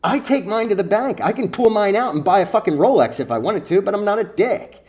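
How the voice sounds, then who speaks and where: A man's voice: high-pitched, animated, fairly quick, darkish tone. A man lecturing his viewers about trading in a blunt, profane, preachy way, full of rhetorical questions. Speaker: stock trading vlogger.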